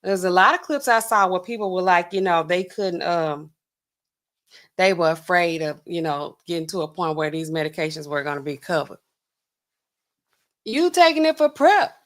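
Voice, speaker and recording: A middle-aged woman with a bright, forceful voice hosts a casual livestream. She talks straight to her chat in a loose, easygoing way. She slows down to sound out long drug names. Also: lowish voice. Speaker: pharmacist livestream host.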